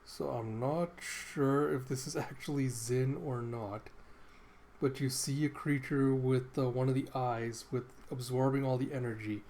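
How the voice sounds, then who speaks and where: A man's voice: mid-range voice, fairly even intonation, unhurried, a little mellow, slight background noise. A man hosting a comic readthrough, retelling the story in a loose, filler-laden way. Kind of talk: casual comic recap.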